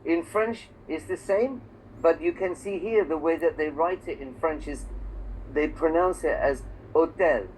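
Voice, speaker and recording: A man's voice: a little high, unhurried, darkish tone, a little hiss or hum, rough recording. A man from England teaching a one-on-one English lesson, explaining patiently with examples and checking that his student follows. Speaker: English tutor.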